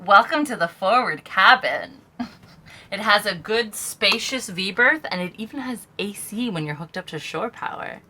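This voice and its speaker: Bright-voiced, giggly woman vlogger on a sailboat. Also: mid-range voice, normal speed, a little hiss or hum. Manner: excited, giggly, with frequent laughs. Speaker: vlog host giving a boat tour. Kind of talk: casual tour walkthrough. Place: aboard a small sailboat.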